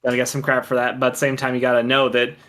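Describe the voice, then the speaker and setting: A man's voice: mid-range voice, monotone, very fast, fairly bright tone, slight background noise. A man co-hosting a casual sports talk show, giving enthusiastic, rambling analysis full of fillers. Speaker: co-host.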